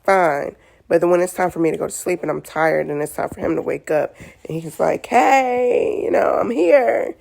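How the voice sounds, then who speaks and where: A new mother talks straight to the camera in a low, gravelly voice with a good deal of fry. She sounds exhausted and speaks candidly and loosely, leaning on "like" and "you know" as she works through her thoughts. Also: fairly even intonation, a little fast, a little mellow. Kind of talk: casual talk to camera.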